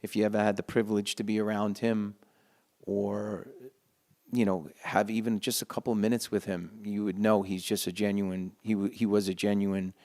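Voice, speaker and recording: A middle-aged man telling a heartfelt story in a casual, halting way, with frequent restarts. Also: on the low side, flat delivery, mellow. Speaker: guitarist sharing a memory.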